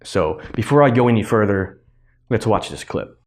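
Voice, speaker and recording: Low-voiced man rambling casually. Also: animated, moderate pace. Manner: rambling, blunt, swears casually. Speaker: podcast host. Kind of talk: casual solo commentary.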